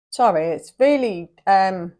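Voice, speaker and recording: A woman's voice: medium pitch, a little mellow. A woman giving a tarot reading to the camera, close to tears and speaking straight to the viewer, sometimes dropping to a whisper. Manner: emotional, addresses viewer directly, often drops to a whisper. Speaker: tarot reader.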